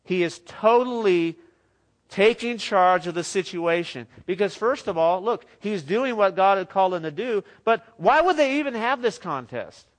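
A male preacher with a fairly high voice gives a sermon. He talks in a lively, conversational way and drops in joking asides. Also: normal speed.

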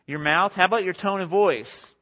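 A young married man preaching a sermon to a congregation in a conversational, self-deprecating way, slipping into quick acted-out quotes. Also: high-pitched. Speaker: pastor. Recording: dull lo-fi sound.

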